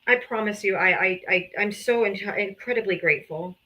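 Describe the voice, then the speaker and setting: A bright, forceful woman's voice at medium pitch moves fairly quickly as she hosts a livestream, reading donations and thanking supporters. Casual and emotional, she is clearly grateful, sometimes laughing, sometimes sighing, heard through her streaming microphone.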